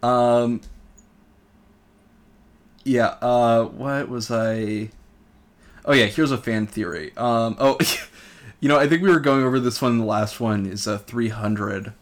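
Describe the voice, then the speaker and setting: A man's voice: medium pitch, slow pace, long pauses. A young man co-hosting a casual podcast, talking in a laid-back, rambling way with many fillers. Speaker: podcast co-host.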